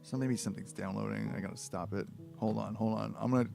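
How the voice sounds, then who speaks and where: A man's voice: fairly low pitch, fairly even intonation, fast talker, vocal fry, music in the background. A man reading a book aloud on a livestream, with rambling, profane, exasperated asides. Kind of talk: comedic read-aloud livestream.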